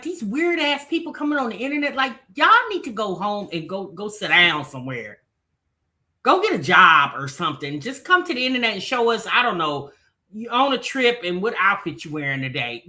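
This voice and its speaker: A woman's voice: on the high side, sharp tone. A woman hosting reaction commentary, blunt, incredulous and scolding. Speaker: commentary host.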